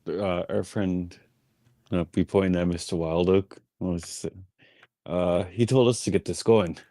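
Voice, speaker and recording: Deep-voiced guy playing a tabletop game, slow and hesitant, lots of uhs. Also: fairly even intonation, dark tone, no echo, clean studio sound. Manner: hesitant, with fillers. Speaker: player.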